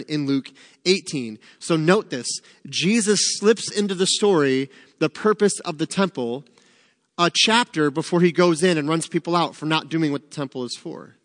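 A man preaches to a small group in a relaxed, conversational way, lively and joking between points. His voice sits a little high. Long reverb trails off the room around him. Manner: animated, chatty, joking asides. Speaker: pastor teaching a Bible study. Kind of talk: conversational sermon.

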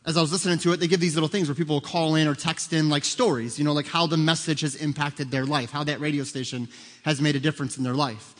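A male pastor preaches in a slightly high voice, earnest and emphatic, and circles back to repeat his main points. His words ring out with a long hall reverb, as if recorded in a large church sanctuary. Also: fairly bright tone. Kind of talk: sermon.

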